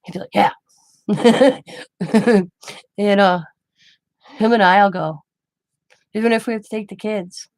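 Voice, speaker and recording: Slowly, with long pauses, a woman with a mid-range, darkish voice and fairly even intonation tells a personal story. A grandmother hosting a craft channel, she chats and rambles, quoting others in her own voice, with no echo.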